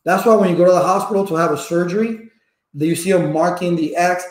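A man talking casually to viewers as a networking instructor, a lively storyteller full of personal anecdotes. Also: high-pitched, quick pace. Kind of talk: casual rambling talk to viewers. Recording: echoey room.

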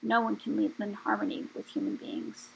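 A woman voicing an old, weary male dragon leader in a storybook reading, speaking slowly and gravely. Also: medium pitch, big pitch swings, a little hiss or hum, rough recording. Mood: solemn.

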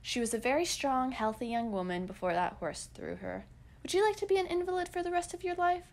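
A woman's voice: high-pitched, lively intonation, brisk, voice pushed up. A young woman voicing a fretful, scolding middle-aged mother from the country in a storybook diary reading. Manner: scolding, pleading.

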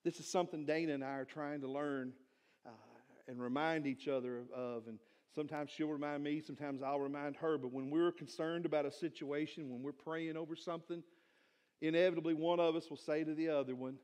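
A man's voice: on the high side, steady tone, moderate pace, a little mellow. A male pastor, preaching a sermon to his congregation and building one rhetorical question on another. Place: church sanctuary.

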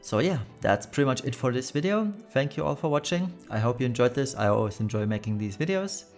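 A man's voice: medium pitch, expressive, a little fast, faint music behind. A man hosting a gaming channel, giving blunt, critical commentary full of fillers, his voice a little worn. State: voice wearing thin. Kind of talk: casual commentary on a mobile game.

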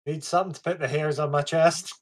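A player voicing a guarded, gruff orc. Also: mid-range voice, steady tone, fast talker, natural voice. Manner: curt, defensive.

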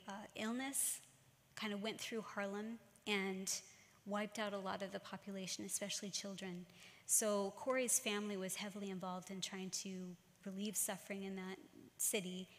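A middle-aged woman giving a church talk, telling stories in a measured, earnest way. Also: medium pitch, fairly bright tone. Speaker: church speaker. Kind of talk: sermon-style talk. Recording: long church-hall reverb.

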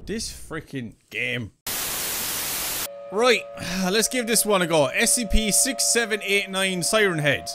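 Excitable high-voiced Irish lad gaming. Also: male voice, slow, over music, low-quality recording. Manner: excitable, swearing, yelps and screams when startled. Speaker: gaming YouTuber. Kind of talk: horror game commentary.

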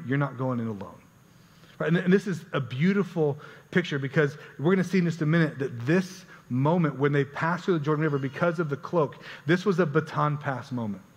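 A man's voice: a little high, breathy edge. A man preaching a sermon as pastor, earnest and conversational, often repeating words as he goes. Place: church sanctuary. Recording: church hall reverb.

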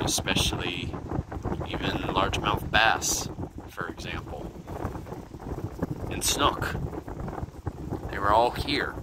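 Strolling outdoors beside a river in a breezy garden, a male nature vlogger offers relaxed, explanatory commentary full of fillers. Wind noise rumbles across the handheld camera mic.

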